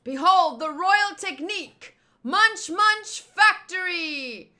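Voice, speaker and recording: Woman doing a greedy boastful king, loud and slow, high bright voice. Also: big pitch swings, full character voice.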